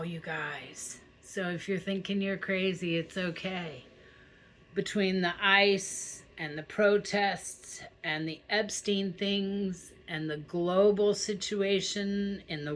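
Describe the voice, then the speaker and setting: A woman hosting her own channel speaks to camera in a slightly low voice. She talks casually and from the heart, steady and reassuring, and keeps checking in with her viewers. Her delivery is direct and conversational rather than polished. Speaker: spiritual channel host.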